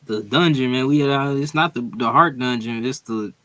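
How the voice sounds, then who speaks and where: A man's voice: mid-range voice, moderate pace, pushed and bright, no echo. Joking male co-host, dry close sound. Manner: joking, self-deprecating banter. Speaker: podcast co-host. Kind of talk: casual wrestling chat.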